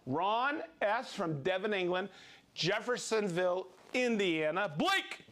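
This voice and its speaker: Male stream host, high voice with big swings, cheery shout-outs to viewers. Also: big pitch swings, slow. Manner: upbeat, cheering, chatty asides. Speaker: livestream host.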